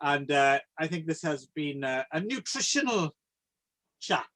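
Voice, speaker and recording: A man's voice: fairly high pitch, sing-song, measured pace, fairly bright tone. A man hosting a casual film podcast, joking and laughing often. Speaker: podcast host. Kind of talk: casual chat about films.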